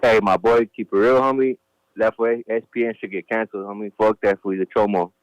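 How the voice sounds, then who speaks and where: Low-voiced tough caller on a dull phone line. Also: male voice, fairly even intonation, fairly quick, clear, resonant tone. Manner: tough, profane street slang, calls everyone "homie". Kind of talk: phone call-in.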